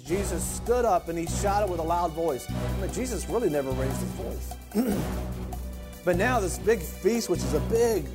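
A man's voice: high voice, expressive, moderate pace. A man preaching a sermon in an emphatic way, repeating key phrases and leaning hard into quotes. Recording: sermon over a music bed.

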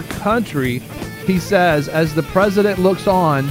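A middle-aged man hosting a Christian radio talk show, animated and joking with his co-hosts. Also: high voice, slow pace, over music. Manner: animated, joking, shifts into a hushed dramatic reading. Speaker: radio host. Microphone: studio microphone.

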